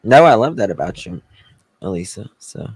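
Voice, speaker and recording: A man's voice: fairly low pitch, very animated, moderate pace, breathy edge, dry recording. A man from the South, hosting a casual livestream, chatting and thanking viewers by name, sounding tired. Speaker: livestream host.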